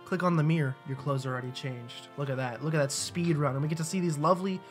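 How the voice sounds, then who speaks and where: A man's voice: a little high, fast, soft background music. A young man casually commentating a video game, rambling and joking as he explains rules. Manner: rambling, joking, lots of fillers. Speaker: let's play gamer.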